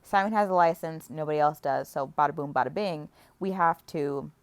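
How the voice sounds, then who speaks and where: A woman's voice: sits low, brisk, clean tone. A young woman casually recapping a book series, chatty and playful, acting out characters' lines. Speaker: book vlogger.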